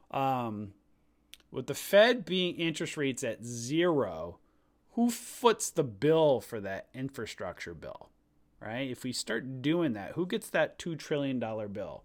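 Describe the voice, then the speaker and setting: A man's voice: mid-range voice, very animated, a little slow. A man casually hosting a live stock-trading stream, chatty and jokey, rambling as he talks.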